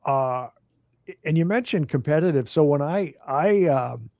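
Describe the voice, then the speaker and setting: A man's voice: fairly high pitch, expressive, measured pace, darkish tone, no room sound, clean studio sound. A man in his fifties hosting a casual interview, asking eager questions like an enthusiastic fan. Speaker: podcast host.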